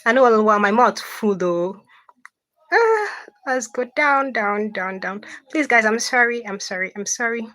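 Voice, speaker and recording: A woman hosting a livestream, reading comments and answering with animated, indignant repetition. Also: a little high, measured pace. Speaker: livestream host.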